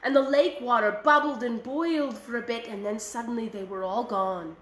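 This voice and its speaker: A woman storyteller telling a folk tale aloud, expressive, recorded in an echoey room. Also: fairly high pitch, moderate pace. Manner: expressive, shifting voices for characters.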